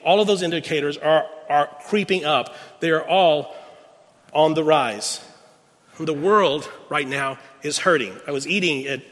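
With a slightly high voice and a sharp tone, a pastor in his sixties preaches a sermon that turns to a personal story. He talks conversationally, often restarting his words, and the large hall gives the recording a long reverb.

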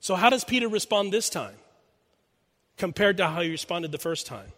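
A man's voice: high voice, sing-song, normal speed, fairly bright tone. A man preaching a sermon in a church, telling a story earnestly and asking his listeners questions. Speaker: pastor. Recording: long hall reverb.

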